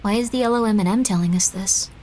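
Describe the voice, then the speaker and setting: A woman's voice: mid-range voice, fast talker, a little mellow, slight background noise. Rambling young woman streamer. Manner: rambling, self-deprecating, bursts into panicked shrieks. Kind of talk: casual gameplay commentary.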